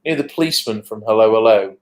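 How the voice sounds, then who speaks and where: A man's voice: fairly low pitch, racing, low-quality recording. A man from England chatting easily as a guest on a livestream, joking about himself. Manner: easygoing, self-deprecating. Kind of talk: casual chat.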